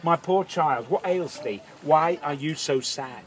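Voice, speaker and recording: A man playing a king's herald, speaking in a measured, formal, old-fashioned way. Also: fairly high pitch, natural voice. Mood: lordly. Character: the king's herald, a haughty male messenger.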